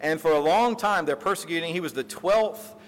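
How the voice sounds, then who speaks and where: A pastor delivering a sermon, telling a story with animated retellings and acted-out quotes, then closing in prayer. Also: male voice, fairly high pitch, a little fast. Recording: reverberant hall, faint room noise.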